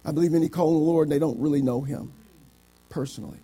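A middle-aged man preaching a sermon, quoting scripture in old biblical wording and swinging between shouted climaxes and quiet, low passages. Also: steady tone, quick pace. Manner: quotes scripture in King James wording.

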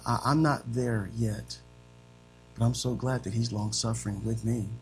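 A gravelly-voiced male preacher delivers a sermon. He climbs to shouted, high-pitched peaks, then drops to soft, hushed phrases. Faint music plays underneath. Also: low-quality recording. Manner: swings between shouting and soft, dramatic delivery.

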